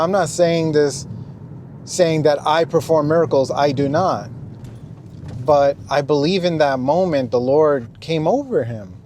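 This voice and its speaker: A man's voice: a little high, darkish tone, slight background noise. A young man earnestly telling a personal faith testimony in casual speech, with frequent ums and you-knows. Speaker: Christian testimony vlogger.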